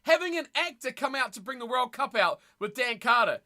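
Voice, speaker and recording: A woman's voice: on the high side, expressive, brisk, pushed and bright. A woman streamer chatting casually with her live chat, blunt and opinionated, often losing her train of thought.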